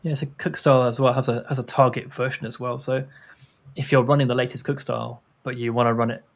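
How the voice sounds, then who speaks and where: A man's voice: medium pitch, level tone, fast. A man hosting a casual livestream chat over a video call, rambling with many restarts and fillers. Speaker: host.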